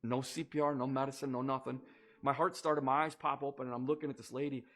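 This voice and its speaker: A man giving an earnest personal testimony, speaking in a measured way and pausing to search for words. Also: mid-range voice, level tone, fairly bright tone. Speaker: storyteller recounting a personal near-death experience.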